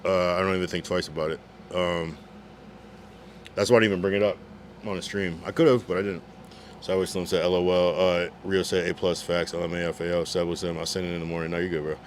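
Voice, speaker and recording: A man's voice: low-pitched, level tone, quick pace, slight background noise. A man streaming live, reading chat messages aloud in a laid-back, slangy way. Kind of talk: casual livestream chat.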